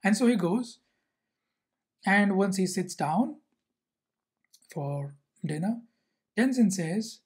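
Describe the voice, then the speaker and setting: A teacher telling a Zen story and explaining it in a measured way, often asking "see?". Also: medium pitch, lively intonation, a little mellow, husky. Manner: measured, repeats rhetorical questions and "see?".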